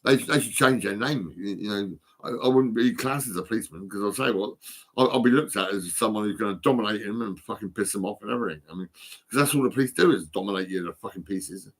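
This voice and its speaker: A man with a stammering delivery, recording a rambling, expletive-laden solo rant on his phone. He drifts between low muttering and sudden angry outbursts. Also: quick pace. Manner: heavy swearing, stammering repeats, swings from muttering to outbursts. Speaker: vlogger.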